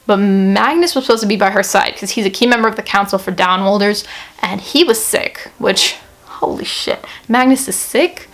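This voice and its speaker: A young woman giving a casual book review vlog, chatty and expressive, swearing freely and saying "like" a lot. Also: mid-range voice, moderate pace.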